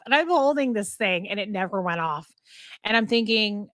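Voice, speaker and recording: A woman's voice: medium pitch, expressive, normal speed, a bit bright, no echo. Woman host, casual stream chat, chatty storyteller, dry close sound. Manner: chatty, storytelling, cooing to her dog. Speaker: livestream host. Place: home.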